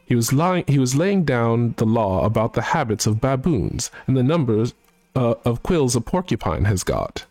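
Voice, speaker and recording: A man's voice: mid-range voice, big pitch swings, moderate pace, darkish tone, dry recording. A man putting on a posh British accent to voice a snooty singer of a comic song, sing-song and stumbling over the wordplay. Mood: jaunty. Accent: put-on upper-class British.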